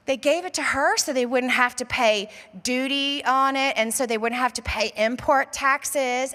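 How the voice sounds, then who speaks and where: American lady pastor preaching, high bright voice, acts out all the back and forth, lots of "like", big church hall echo. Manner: animated storyteller acting out dialogue, says "like" often. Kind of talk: sermon storytelling. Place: church auditorium. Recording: long reverb of a church hall.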